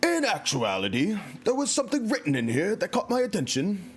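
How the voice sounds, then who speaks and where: A man's voice: sits high, wildly swooping pitch, a little fast. A man streaming a video game, chatting casually in a playful, joking and self-mocking way. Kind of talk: casual let's-play commentary.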